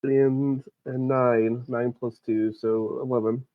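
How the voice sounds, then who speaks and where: A man's voice: mid-range voice, little pitch movement, takes it slowly, no room sound, phone-quality sound. Hesitant man playing a tabletop game. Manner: hesitant, chuckling. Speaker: player.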